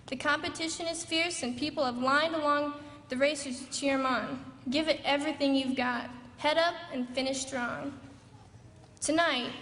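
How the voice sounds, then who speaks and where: A woman's voice: high-pitched, fairly bright tone, slight background noise. A young woman in her late teens giving a prepared graduation speech in an earnest, building pep-talk manner. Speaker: graduating student speaker. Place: large graduation ceremony hall. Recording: echoey hall recording from far off.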